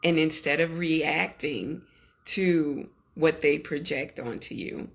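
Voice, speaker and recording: A middle-aged woman hosting a podcast, speaking slowly and earnestly in a slightly low voice. She coaches her listeners gently, one deliberate phrase at a time. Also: gravelly. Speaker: podcast host. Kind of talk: reflective solo podcast talk.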